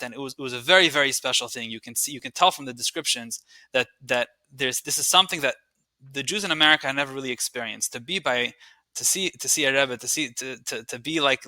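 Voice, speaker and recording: As a podcast guest, a male researcher and writer tells history conversationally, eager and often restarting or repeating words, and mixing in Yiddish and Hebrew terms. His medium-pitched voice sounds pushed and bright, with no room sound.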